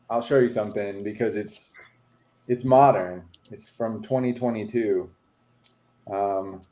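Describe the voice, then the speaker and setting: A man speaks at an ordinary middle pitch, picking his way through thoughts with frequent pauses and fillers. His voice carries the echo of a reverberant room, casual podcast chat between friends. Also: darkish tone. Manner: hesitant, many fillers. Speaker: podcast co-host, card collector. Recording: echoey room.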